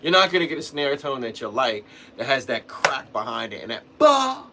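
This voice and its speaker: A man's voice: mid-range voice, expressive, a little fast, background noise. A man hosting a livestream, talking casually about drumming in a rambling way, restarting sentences and adding "man" and "you know". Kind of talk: casual livestream teaching talk.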